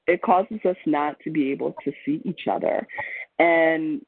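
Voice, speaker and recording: A man leading a training webinar in a loose, conversational way, often pausing on ums and restarting his sentences. His voice sits somewhat high, and it comes through a video call. The sound is thin and phone-like, and the room gives back almost no echo. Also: creaky. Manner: chatty, with frequent ums and restarts. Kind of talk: conversational lecture. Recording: tinny phone-like call audio.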